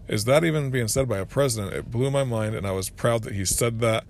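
A man's voice: mid-range voice, a little fast, hardly any pauses, a little mellow, a little hiss or hum. A man hosting a solo podcast, giving earnest political commentary, often restarting his phrases and reading quotes aloud. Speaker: podcast host.

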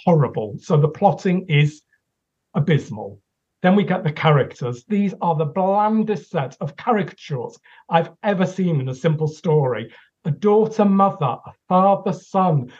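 A man's voice: on the high side, animated, moderate pace, darkish tone, breathy edge. A man co-hosting a podcast, ranting and swearing in an exasperated critique. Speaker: podcast co-host. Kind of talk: casual critical discussion. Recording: dull lo-fi recording.

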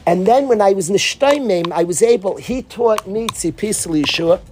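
In a rough recording, a man whose expressive, darkish voice sits high speaks at a moderate pace while giving a casual Torah lesson. As a Torah teacher, he tells lively stories, imitates the people he quotes and mixes Yiddish and Hebrew words into his speech.

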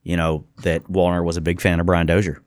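Low-voiced man hosting sports talk. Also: brisk, no room sound, studio quality. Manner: reads off stats in a steady rundown.

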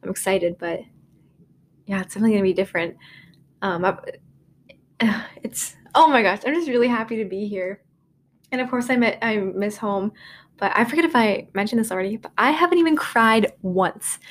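This medium-pitched woman, in her 20s, runs a laid-back solo podcast out of her dorm room, with a little background noise audible. She wanders from point to point, jokes at her own expense, and says "like" and "um" constantly.

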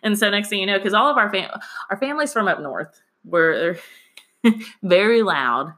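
A woman co-hosting a podcast in casual chat, a little raspy today, telling stories and laughing often. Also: mid-range voice, expressive, normal speed, pushed and bright. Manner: laughs often, chatty storytelling. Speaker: podcast co-host.

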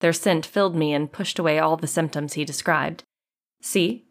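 Woman narrating an audiobook, low voice, measured and dramatic. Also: steady tone.

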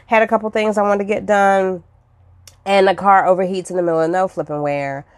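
A woman from Washington, D.C., telling personal stories in a casual, expressive way, with chatty asides and acted-out reactions. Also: mid-range voice, brisk, dry recording. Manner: expressive, acts out her own past reactions; chatty, with frequent fillers and asides.

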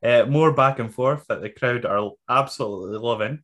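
A man's voice: medium pitch, moderate pace, fairly bright tone. A man co-hosting a podcast, recapping wrestling in blunt, sweary casual chat and laughing often.

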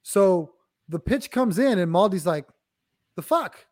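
A man's voice: high-pitched, expressive, unhurried, darkish tone. A man co-hosting a sports podcast, explaining plays in laid-back slang. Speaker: guest co-host. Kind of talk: casual sports chat.

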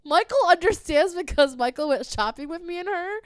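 A woman's voice: extremely high pitch, animated, fairly quick, no echo. A woman telling a long, profanity-laced story in casual chat, laughing often as she recounts a text exchange.

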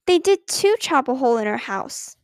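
A stubborn little first-grade girl, high-pitched and indignant, as a woman reading aloud puts her on. She insists and shouts her case in a close, dry storybook reading. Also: sing-song, moderate pace, no echo. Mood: insistent.

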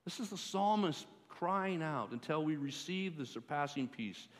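A man preaching a sermon as pastor, in a measured way that rises for pleas. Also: a little high, expressive. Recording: long hall reverb.

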